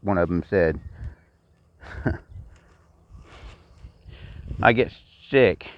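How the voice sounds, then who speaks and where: A man's voice: deep voice, expressive, extremely slow. A middle-aged man with a Texan accent, delivering a blunt, profane personal rant full of repeated complaints. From Texas. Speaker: vlogger. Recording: dry, dull lo-fi sound.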